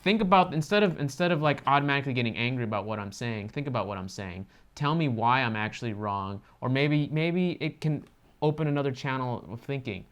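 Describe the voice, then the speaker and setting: A man co-hosting a casual reaction discussion, pitched mid-range. He speaks earnestly and emphatically, pressing his points and swearing freely. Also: animated, fairly quick, fairly bright tone, clear, resonant tone, highs cut off. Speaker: co-host of a reaction channel.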